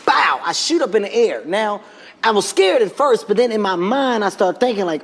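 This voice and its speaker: A man telling an animated, self-mocking anecdote as a talk show guest. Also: high-pitched, moderate pace, long reverb tail, slight background noise.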